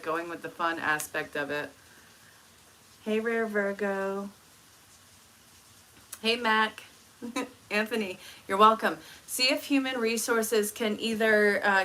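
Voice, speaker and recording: A woman reading tarot on a live stream, answering viewers' questions in a casual, chatty way with dry, deadpan humor. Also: medium pitch, rough recording. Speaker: tarot reader and life coach.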